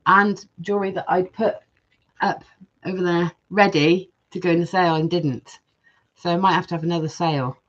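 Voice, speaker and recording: A woman's voice: on the low side, highs cut off. A woman hosting a live jewellery-making stream, chatting casually and reading viewer comments aloud.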